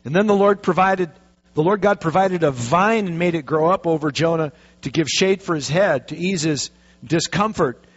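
A man preaching a sermon, telling a story with lively, animated delivery and acting out the quotes. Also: fairly high pitch, normal speed. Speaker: pastor. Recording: dull lo-fi recording.

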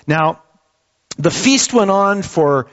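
A man preaches an earnest sermon, retelling the story in a fairly high voice. He stresses key words and restarts a few phrases. The recording sounds dull and lo-fi, as if it was made in a church hall. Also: lively intonation, slow, a bit bright. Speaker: pastor.

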